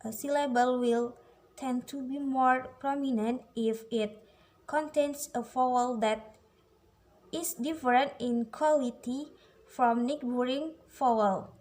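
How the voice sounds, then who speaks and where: A woman's voice: high-pitched, darkish tone, rough recording. A young woman with an Indonesian accent giving a student presentation, reading a prepared script carefully. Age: young adult. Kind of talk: class presentation on phonology.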